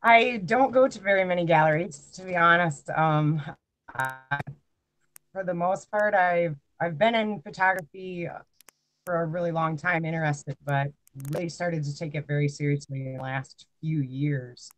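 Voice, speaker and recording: A woman's voice: deep voice, normal speed, no room sound. A woman guest in casual online panel chat, answering modestly and candidly with some hesitation.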